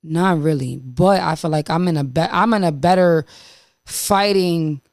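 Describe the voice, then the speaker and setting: A young woman hosting a casual chat, animated and slangy, swearing freely. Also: lowish voice, measured pace, dry recording, studio quality. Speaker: podcast host.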